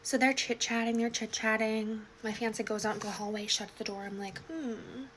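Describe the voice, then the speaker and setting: A woman's voice: on the high side, level tone, fairly quick, fairly bright tone, slight background noise. A young woman telling a storytime in a sassy, casual way, swearing freely and acting out her own reactions.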